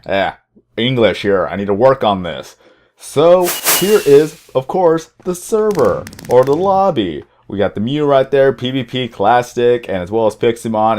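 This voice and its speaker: A man's voice: fairly low pitch, a little mellow. A man hosting a casual let's-play, chatting to viewers as he explores, often stumbling over his words. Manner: chatty, addresses viewers directly. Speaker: gaming channel host.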